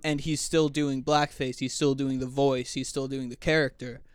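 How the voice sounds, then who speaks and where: A man's voice: medium pitch, normal speed, clear, resonant tone, dry recording, clean studio sound. A man on a podcast casually and animatedly retelling comedy movie scenes. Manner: animated storytelling, acts out movie lines. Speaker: podcast co-host. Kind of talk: casual chat.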